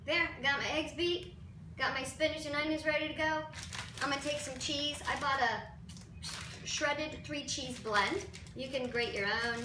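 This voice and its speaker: A woman's voice: high-pitched, fairly even intonation, unhurried. A woman hosting a casual home cooking demo, chatty, playful and self-deprecating. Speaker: cooking show host. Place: home kitchen. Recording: roomy, distant, noisy kitchen recording.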